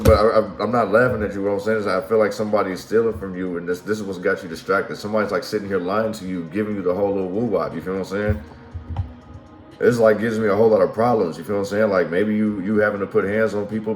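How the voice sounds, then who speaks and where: A man giving a casual tarot reading, slangy and profane, who keeps checking that the listener follows him. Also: low voice. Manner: slangy and profane, keeps asking "you feel what I'm saying". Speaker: tarot reader. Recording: roomy echo, faint music behind.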